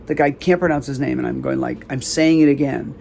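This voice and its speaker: A man performing a live comic storytelling show, recounting a hospital visit in halting, self-interrupting sentences. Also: mid-range voice, fairly even intonation, creaky, darkish tone, a little hiss or hum. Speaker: solo performer. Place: small theater stage.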